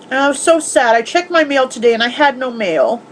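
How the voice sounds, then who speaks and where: A woman's voice: high voice, lively intonation, a little fast, a little hiss or hum, rough recording. A woman chatting casually in a home vlog, recapping movies, swearing freely and acting out the characters' lines. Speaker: vlogger.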